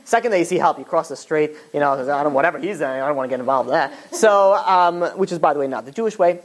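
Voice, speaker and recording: Fast-talking rabbi telling stories. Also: male voice, on the high side. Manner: animated storytelling, casual filler-heavy talk. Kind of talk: Torah class lecture with storytelling.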